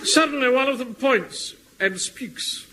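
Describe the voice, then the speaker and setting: An actor playing a pompous middle-aged Home Guard captain in a radio comedy, speaking with indignant self-importance. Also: male voice, very high voice, unhurried, pushed and bright, heavily acted, rough recording. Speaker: captain narrating a radio skit. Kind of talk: 1960s-70s radio comedy acting. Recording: hissy archive radio recording.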